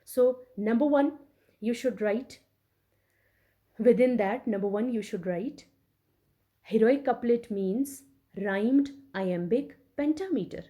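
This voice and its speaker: A woman teacher giving a recorded English literature lecture to her students, explaining slowly and repeating each point with frequent check-ins. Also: fairly high pitch, mellow. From Pakistan. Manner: slow, repetitive explaining with many check-ins.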